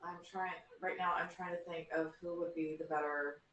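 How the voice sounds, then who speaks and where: A woman playing a tabletop game, thinking her moves through out loud with hesitation. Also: deep voice, fairly even intonation, moderate pace, muffled recording. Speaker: player. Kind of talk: casual tabletop play. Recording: roomy, distant mic with faint background noise.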